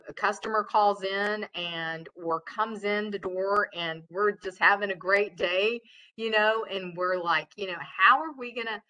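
Brief: woman trainer, casual lecture, talks loud, lots of ums, sharp bright tone. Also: medium pitch, rough recording. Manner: chatty, loud, many fillers and restarts. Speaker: customer service trainer.

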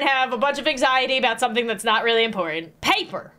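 A woman's voice: a little high, animated, fast talker, bright, forceful tone. A young woman reacting aloud to a creepy quiz game, reading the questions out and laughing nervously. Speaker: gaming YouTuber.

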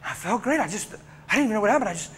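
A man's voice: high voice, expressive, very fast, fairly bright tone, long reverb tail, slight background noise, voice pushed up. A man voicing a bewildered young man who has just woken up after a car crash.

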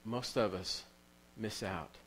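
Low-voiced emotional male preacher. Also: slow pace, fairly bright tone, slight background noise, rough recording. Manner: emotional storytelling preacher, repeats phrases for emphasis. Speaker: pastor. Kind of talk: sermon. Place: church.

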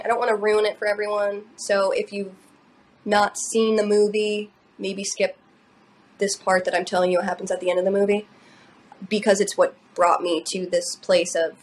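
A young adult woman shares a personal story on a podcast, in a loose, emotional, rambling way. Her voice sits at a middle pitch for a woman, and she often fills gaps with "like" and "you know.". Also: a little hiss or hum. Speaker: podcast co-host. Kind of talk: personal storytelling in casual chat.

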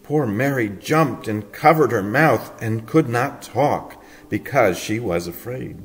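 Slow, tender male storyteller. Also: medium pitch. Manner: tender, playful storytelling with soft chuckles. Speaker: audiobook reader. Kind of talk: storybook narration.

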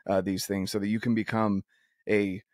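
A man's voice: fairly low pitch, little pitch movement, moderate pace, darkish tone, no echo, clean studio sound. A man hosting an outdoors podcast, talking earnestly in a rambling way with many restarts. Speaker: podcast host. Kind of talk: casual interview chat.

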